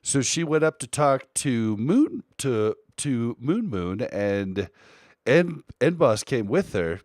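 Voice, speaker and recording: A man co-hosting a live podcast in casual chat, animated and shifting between his deeper everyday voice and a lighter, softer one. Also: slow pace, no echo, studio quality. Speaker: podcast co-host and streamer.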